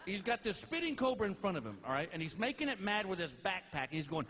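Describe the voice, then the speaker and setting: Male stand-up comic, very high voice, wildly lively delivery, shouted rants. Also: quick pace, hardly any pauses, a little hiss or hum. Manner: animated storytelling with shouted outbursts. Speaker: stand-up comedian. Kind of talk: stand-up comedy. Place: stage before a live audience.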